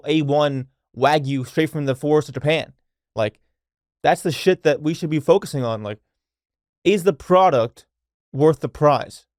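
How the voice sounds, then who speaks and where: A young man holds forth on a solo podcast in a blunt, casual manner, swearing freely. His voice sits slightly high, and the sound is dry and close on the mic. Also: a little mellow, dry recording. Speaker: podcast host.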